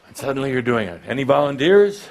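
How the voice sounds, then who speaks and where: Male spiritual teacher, showman type: playful, teasing, very animated pitch, theatrical live talk. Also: fast. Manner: playful, teasing, exaggerated delivery with frequent laughter. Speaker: spiritual teacher addressing a gathering.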